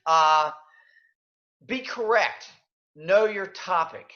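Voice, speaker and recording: High, bright-voiced male webinar presenter. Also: extremely slow. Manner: fillers and restarts, emphatic, repeats key points. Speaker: leadership coach and webinar presenter. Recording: dull lo-fi webinar audio.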